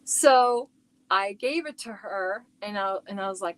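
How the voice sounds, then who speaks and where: A woman's voice: mid-range voice, moderate pace. A middle-aged woman chatting casually on her crochet livestream from home, rambling and talking to viewers by name.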